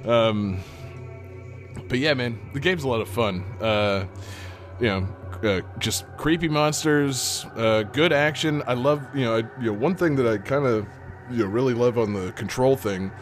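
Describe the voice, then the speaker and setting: Male co-host, loose rambly game talk, full of fillers and laughs, faint music underneath. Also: lowish voice. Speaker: podcast co-host. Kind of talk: casual chat about video games.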